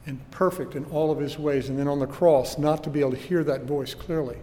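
A man's voice: a little high, fairly even intonation, a little fast, warm tone, long reverb tail, a little hiss or hum. A man preaching a sermon with earnest emphasis and rhetorical questions, recorded in a church.

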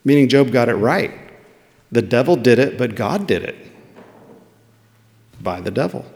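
A man's voice: medium pitch, sing-song, unhurried, vocal fry, a little mellow. A man preaching a sermon in a conversational way, putting questions to his listeners. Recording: long reverb of a large hall.

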